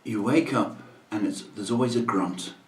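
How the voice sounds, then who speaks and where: A man's voice: lowish voice, normal speed, recorded from a distance. A middle-aged man hosting a casual livestream chat, grumbling and mock-dramatic in a dry way. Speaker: livestream host. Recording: echoey room, off-mic, faint noise.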